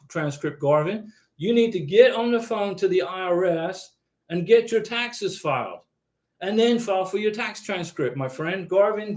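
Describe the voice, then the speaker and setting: A man's voice: high-pitched, echoey room. A man in his sixties hosting an immigration advice live stream, talking in an earnest, folksy way and often tagging his lines with "okay". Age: 60s. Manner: earnest, repetitive, folksy, tags lines with 'okay'. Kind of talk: casual live-stream chat.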